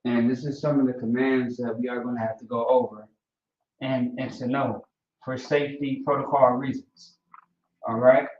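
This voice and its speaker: A man teaching a language class in a casual, relaxed way, often checking in with "right?" and "you know". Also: medium pitch, moderate pace. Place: classroom, writing on a board. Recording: roomy, distant, dull lo-fi sound.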